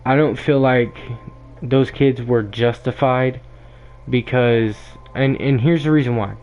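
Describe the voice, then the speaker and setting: A young man rants bluntly into the mic, hammering his points home and circling back over the same ideas. His voice sits at an ordinary middle pitch. The sound is thin and tinny, as if heard over a phone line. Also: takes it slowly, darkish tone. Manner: blunt, emphatic, ranting, repeats himself. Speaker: podcast host. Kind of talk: opinionated monologue.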